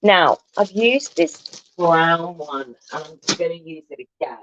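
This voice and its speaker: Chatty low-voiced woman hosting a craft stream. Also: very animated, takes it slowly, fairly bright tone, muffled recording, slight background noise. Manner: chatty, enthusiastic, thinks aloud, reads viewer comments. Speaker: craft tutor hosting a livestream. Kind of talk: casual live demonstration.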